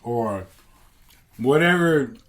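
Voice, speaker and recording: A man talking slowly and loosely on a podcast, wandering through a joke and second-guessing himself as he goes. His voice sits at an ordinary middle pitch. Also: expressive, fairly bright tone. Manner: meandering, self-correcting, profane. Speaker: podcast host. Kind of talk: rambling comedic podcast chat.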